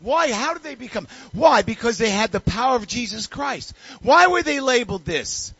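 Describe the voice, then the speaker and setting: A male pastor preaching a sermon with call-and-response, building up to shouting. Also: very high-pitched, sing-song, moderate pace, breathy edge, no echo, lo-fi sound.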